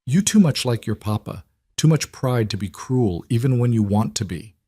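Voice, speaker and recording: A man's voice: medium pitch, lively intonation, normal speed, warm tone, slightly rough, dry recording. A man voicing an older, blunt but kindly Polish housekeeper woman with a Polish accent and broken phrasing.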